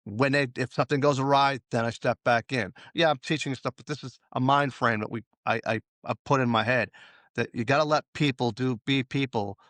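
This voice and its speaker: A man's voice: mid-range voice, steady tone, a little fast, a bit bright, no room sound. A man as a safety consultant guest, talking casually in an interview and telling stories with acted-out dialogue. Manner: storytelling, acts out quoted dialogue.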